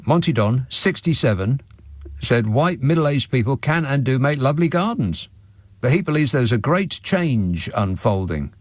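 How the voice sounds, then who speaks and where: A man's voice: mid-range voice, sing-song, moderate pace, no room sound. A man hosting a radio phone-in, talking in a dry, sardonic way from a studio microphone. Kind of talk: talk radio monologue and phone-in.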